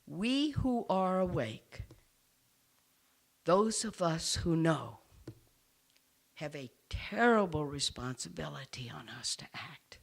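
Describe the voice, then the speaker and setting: A nun giving an impassioned public speech to an audience in a room. She is earnest, and her delivery swings from forceful to hushed. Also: deep voice, lively intonation, takes it slowly, creaky, long pauses.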